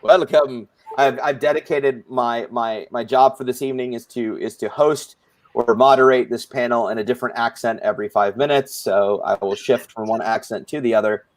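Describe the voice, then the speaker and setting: Guy hosting a live panel, goofy and rambly, normal pitch, dry sound. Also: steady tone, moderate pace, no echo. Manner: playful, rambling, jokey. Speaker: panel host and moderator. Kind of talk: casual live-stream support group hosting.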